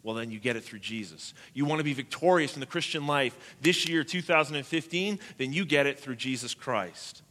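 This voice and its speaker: A man preaching a sermon as pastor, emphatic, swinging between soft and loud. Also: mid-range voice, a little fast, few pauses, in a large hall.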